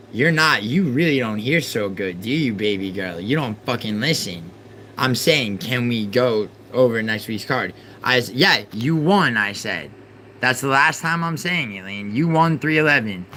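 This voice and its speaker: A man hosting a live stream, arguing with his chat and swinging from exasperated outbursts to low muttering. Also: sharp tone, a little hiss or hum. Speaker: livestream host.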